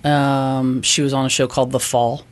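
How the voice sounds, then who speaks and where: A woman co-hosting a radio show, chatting and telling stories in an animated way. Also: a bass voice, moderate pace. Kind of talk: casual radio banter.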